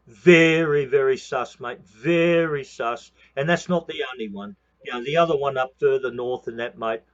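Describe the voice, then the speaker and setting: An Australian man in his sixties rants straight at the viewer, swearing and hammering the same phrases again and again. His voice sits a little high for a man. The recording is dull and lo-fi, with a muffled top end. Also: a bit bright. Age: 60s. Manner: heated, profane, repeats phrases, says mate often. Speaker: channel host. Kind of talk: ranting monologue.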